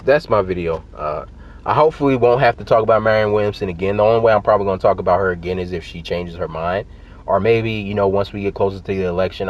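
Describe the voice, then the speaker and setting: A man with a fairly low voice delivers angry, emphatic political commentary straight to his viewers. He hammers his points through repetition. The recording is dull and lo-fi. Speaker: political vlogger. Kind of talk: angry direct-to-camera commentary.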